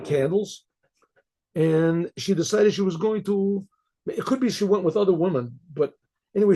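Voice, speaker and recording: A man, a rabbi, telling a story in a casual, halting way with many restarts and frequent throat clearing. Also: fairly high pitch, warm tone.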